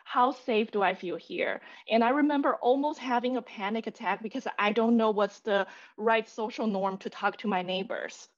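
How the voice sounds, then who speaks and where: Woman from China, therapist, frank and reflective, mid-pitched voice, muffled lo-fi sound. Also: normal speed, few pauses. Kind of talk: casual panel chat. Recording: muffled lo-fi audio.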